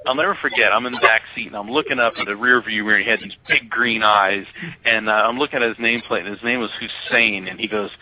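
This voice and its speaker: A man guest on talk radio, an animated storyteller who laughs easily and talks expressively. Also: lowish voice, fast talker, dry recording. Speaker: guest, psychic medium. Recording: dull lo-fi radio audio.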